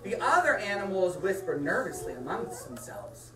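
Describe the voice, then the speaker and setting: A woman reading a picture book aloud to children, playful and animated, chatting about the pages as she goes. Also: medium pitch, normal speed, a crowd in the background. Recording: echoey room from far off.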